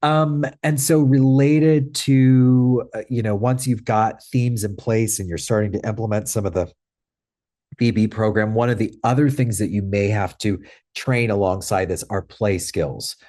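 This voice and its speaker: A man's voice: on the low side, unhurried. A man teaching a webinar as a clinical trainer, talking conversationally with many fillers and tag questions. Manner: acts out playful lines in a bright fun voice. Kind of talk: webinar lecture.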